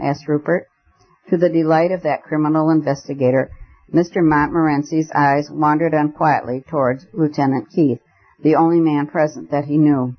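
A man narrating a story aloud as an audiobook reader, in a measured, expressive way. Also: a little high, dull audio. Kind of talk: scripted narration.

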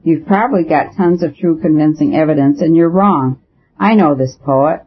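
A man reading the lines of an eager, excitable young American man, quick and emphatic. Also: fairly high pitch, breathy edge. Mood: impassioned. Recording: dull lo-fi audio.

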